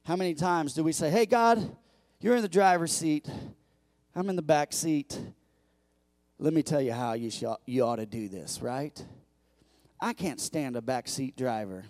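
A man preaching a lively sermon in a fairly high voice. He swings from loud, climbing peaks down to quiet asides and stumbles over repeated words as he builds momentum. The sound is close and dry. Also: a little slow, dry recording. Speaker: pastor.

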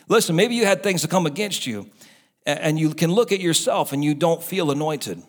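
High-voiced man preaching a sermon. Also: expressive, brisk. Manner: preaching with acted voices of the doubter and the devil. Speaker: pastor.

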